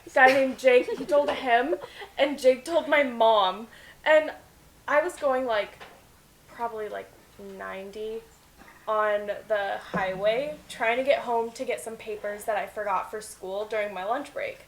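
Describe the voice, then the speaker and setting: A woman's voice: fairly high pitch, unhurried. A young woman, a podcast guest, chatting casually and telling a rambling story with some teasing.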